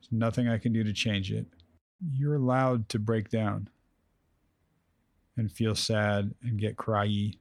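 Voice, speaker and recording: A man counsels with direct, probing questions and emphatic restatements. His voice is dry and close, with no room sound. He pushes gently but firmly. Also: on the low side, flat delivery, slow pace, pauses often, no echo. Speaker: host, counselor. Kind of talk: therapeutic conversation.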